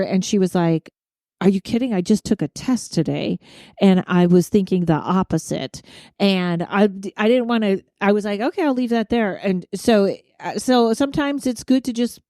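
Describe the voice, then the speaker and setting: Lady podcast host, chatty and laughy, soft mellow tone, dry sound. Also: medium pitch, moderate pace, no room sound. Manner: chatty, laughs easily, quotes people in animated voices. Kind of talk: casual chat.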